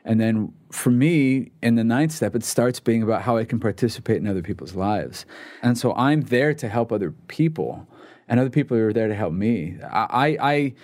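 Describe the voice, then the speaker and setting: A man's voice: mid-range voice, lively intonation, normal speed, darkish tone, no echo, clean studio sound. A man in his forties from Pasadena, California, a podcast guest talking earnestly in casual interview talk, restarting words as he goes. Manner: earnest, repeats words when starting.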